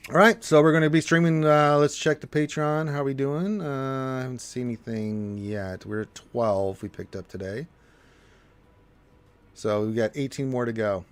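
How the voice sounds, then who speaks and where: A man's voice: medium pitch, moderate pace, smooth. A man hosting a live stream in casual chat, joking, rambling and reading out viewer comments. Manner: joking, rambling, loud bursts.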